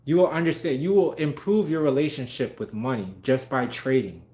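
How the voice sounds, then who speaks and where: A man's voice: medium pitch, a little fast, darkish tone. A young man on a livestream talking casually and animatedly, swearing freely and laughing often. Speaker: live stream host.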